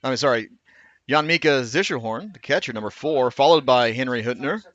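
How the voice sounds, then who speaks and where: A man calling baseball play by play in a steady, measured way, now and then correcting himself. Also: medium pitch, no echo, lo-fi sound. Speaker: play-by-play announcer.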